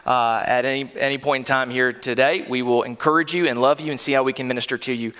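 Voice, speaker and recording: Speaking at a quick pace, a pastor in his thirties delivers a sermon in a church sanctuary with a medium-pitched, steady, pushed, bright and clean voice. He is earnest and conversational, restarting often and using many fillers, and long hall reverb fills the recording.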